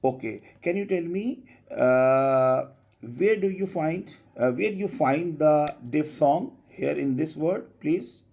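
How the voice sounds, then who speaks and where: A male English teacher giving an online class lecture, explaining slowly and tagging many lines with a rising "okay?". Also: on the high side, gravelly, a little mellow. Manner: slow, drawn-out explaining with frequent rising "okay?".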